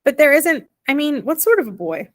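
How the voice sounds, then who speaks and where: A woman's voice: sits high, sing-song, normal speed, pitched above the performer's own voice. A woman voicing a fretful little mother. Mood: anxious. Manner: worried, pleading questions. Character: small fretful mother, anxious and tearful. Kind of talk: audiobook character reading.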